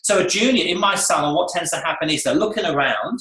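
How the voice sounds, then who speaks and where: Male coach, upbeat seminar delivery with a swooping, lively pitch and a fairly high voice, echoey room. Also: fast talker. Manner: animated, acts out client and staff voices. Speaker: salon coach.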